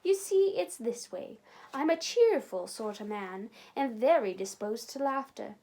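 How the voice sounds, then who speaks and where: A woman reads as a round, bald old uncle who is loud and cheery and laughs easily. He talks brightly with lively swings of pitch and a slightly apologetic warmth. A storybook reading. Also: a little slow.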